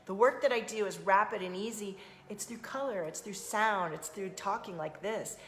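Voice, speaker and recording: A woman's voice: mid-range voice, normal speed, roomy sound, a little hiss or hum. Soothing woman coach on a live stream. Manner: chatty, addresses viewers by name. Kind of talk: casual live-stream talk.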